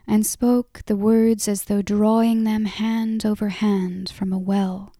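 A woman narrating a story in a whispered role-play, softly and unhurriedly. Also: medium pitch, vocal fry, dry recording, clean studio sound. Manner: soft, unhurried reading.

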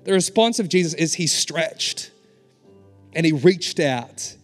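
A man's voice: fairly high pitch, lively intonation, takes it slowly. A pastor delivering an impassioned, emphatic sermon, often urging his listeners with "come on.". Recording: long hall reverb with faint music behind.

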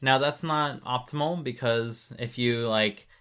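A man's voice: mid-range voice, a little slow, fairly bright tone, clear, resonant tone. A man casually explaining how data is sent over cables, patient and chatty, with many fillers.

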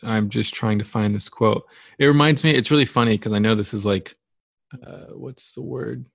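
A man's voice: fairly low pitch, moderate pace, creaky, no echo, clean studio sound. A man co-hosting a casual podcast discussion, searching for words with stammering restarts. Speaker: podcast co-host.

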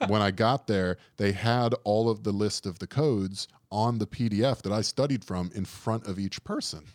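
A man's voice: on the low side, moderate pace, no room sound, studio quality. A young man from New Orleans telling stories in a casual chat, wry and rambling, often laughing at his own tales.

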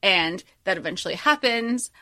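A woman co-hosting a casual film podcast, animated and swearing, acting out lines in voices. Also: mid-range voice, moderate pace, no echo. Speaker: podcast co-host. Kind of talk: casual chat about a film.

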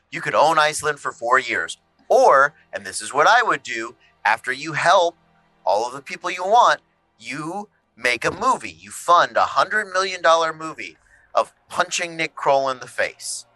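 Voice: mid-range voice, expressive, moderate pace, pushed and bright, no room sound, faint music behind, rough recording. A player at a tabletop game, ranting emphatically and theatrically in casual chat.

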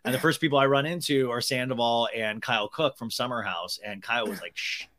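A man chatting casually as a podcast guest, telling rambling, animated stories with many restarts. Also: medium pitch, quick pace, crowd noise. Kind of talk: casual chat.

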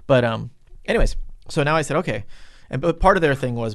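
A man's voice: medium pitch, lively intonation, a little fast, fairly bright tone, dry recording, studio quality. A middle-aged man telling a rambling, casual story in an interview, swearing freely and acting out the voices of the people in it. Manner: rambling, profane, acts out quoted people. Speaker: guest.

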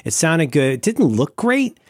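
A man's voice: fairly high pitch, sing-song, normal speed, no echo, clean studio sound. A man co-hosting a podcast, trading wry, teasing asides in casual tech chat. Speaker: podcast co-host.

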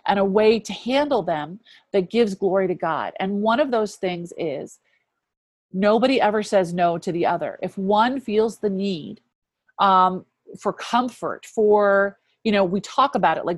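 A woman in her fifties sharing a personal faith testimony as an interview guest, earnest and reflective, often dropping to a hushed voice. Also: mid-range voice, lively intonation, unhurried, no room sound. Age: 50s.

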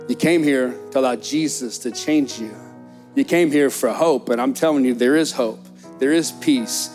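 A middle-aged man, preaching a sermon as pastor in a church, telling stories with lively animation. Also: medium pitch. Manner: animated storytelling, acts out disciples' excited chatter. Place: church sanctuary.

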